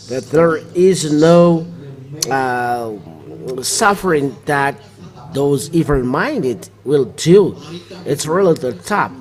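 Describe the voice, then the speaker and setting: A man preaching a live church sermon, halting with many fillers and restarts. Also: mid-range voice, poor audio.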